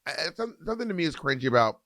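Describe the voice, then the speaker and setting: A man's voice: fairly high pitch, very animated, rapid-fire, a bit bright, no echo. A man from Georgia co-hosting a podcast, arguing his point in rambling casual banter with many restarts. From Georgia, USA. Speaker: podcast co-host.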